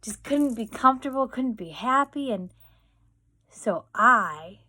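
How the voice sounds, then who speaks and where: A woman's voice: fairly high pitch, animated, slow pace, pushed and bright. A young woman vlogging, telling family stories in a chatty way full of fillers and acted-out quotes. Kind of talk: casual storytelling.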